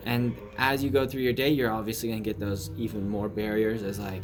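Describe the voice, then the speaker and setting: A man's voice: fairly low pitch, flat delivery, a little fast, hardly any pauses. A young man giving a loose, casual spiritual talk full of fillers, acting out little inner dialogues. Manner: loose, filler-heavy, acts out inner voices. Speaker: spiritual channel host.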